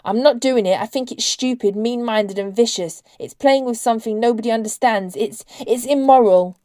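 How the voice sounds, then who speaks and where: A woman's voice: fairly high pitch, moderate pace, mellow, dry recording, clean studio sound, voice pushed up, lightly acted. Woman voicing an angry teenage girl. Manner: hard, hacking gabble.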